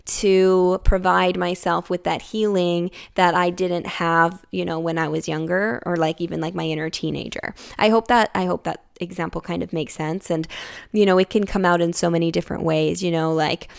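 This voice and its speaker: Gravelly low-voiced woman talking candidly. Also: steady tone, normal speed. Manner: confiding and reflective, many fillers like "like" and "you know". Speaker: podcast host. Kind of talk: candid personal self-help talk.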